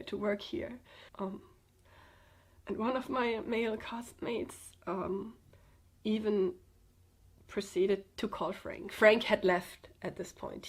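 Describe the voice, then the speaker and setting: A young woman speaking to camera in a halting, hesitant way, with many pauses and fillers, telling a personal story. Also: medium pitch. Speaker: vlogger.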